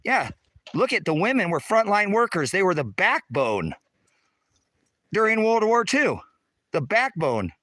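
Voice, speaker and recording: A man's voice: high-pitched, sing-song, measured pace, pauses often, pushed and bright, no room sound. A man livestreaming outdoors on rural land, touring his property and ranting at viewers' comments, combative and swearing constantly, recorded on a handheld phone while walking. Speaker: livestreamer giving a property tour.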